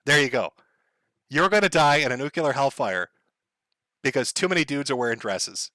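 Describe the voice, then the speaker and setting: Profane rambling man, bright, sharp voice. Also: mid-range voice, animated, normal speed, no room sound. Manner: rambling, profane, laughs often. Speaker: streamer. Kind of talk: casual rant to a live chat.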